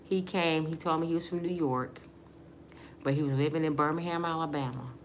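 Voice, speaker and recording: Low-voiced woman telling her testimony. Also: fairly even intonation, fairly quick, slight background noise. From Michigan, USA. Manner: earnest, emotional, conversational with casual grammar. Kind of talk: personal testimony storytelling.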